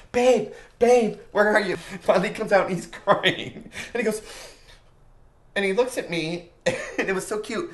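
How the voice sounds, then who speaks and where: A man telling a candid personal story in an interview, chatty and loose, laughing often and swearing freely. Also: fairly high pitch.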